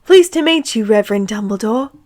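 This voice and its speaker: A woman's voice: mid-range voice, lively intonation, brisk, a little mellow, close to an everyday voice. A woman voicing an eager, wide-eyed young boy who speaks enthusiastically and in awe. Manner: enthusiastic, awed.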